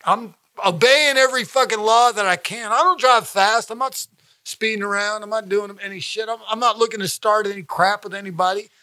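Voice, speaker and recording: A male stand-up comedian chats as a guest on a casual podcast, blunt and profane, repeating himself for emphasis and laughing mid-sentence. His voice is high and sharp, fairly quick, with no echo.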